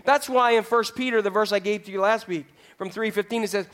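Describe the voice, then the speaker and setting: A man's voice: sits high, fairly even intonation, brisk, fairly bright tone. A male pastor preaching a sermon in a conversational way, often putting questions to the congregation.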